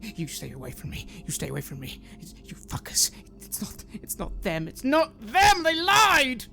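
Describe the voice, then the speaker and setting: A woman's voice: extremely high pitch, animated, normal speed, fairly bright tone, faint music behind, voice pushed up. A woman doing a screaming, distraught young man. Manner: screaming, tearful, wild. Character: distraught shouting young man, half-crazed.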